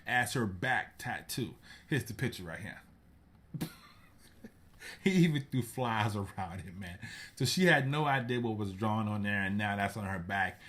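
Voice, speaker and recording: Male vlog host, relaxed and slangy, lower-pitched, casual storytelling read. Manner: laid-back slangy storytelling. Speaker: show host. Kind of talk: casual news commentary vlog.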